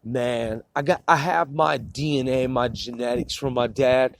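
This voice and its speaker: A man's voice: medium pitch, steady tone, a little slow, creaky. Man ranting heated and profane. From Puget Sound area. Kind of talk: angry rant to camera. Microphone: phone.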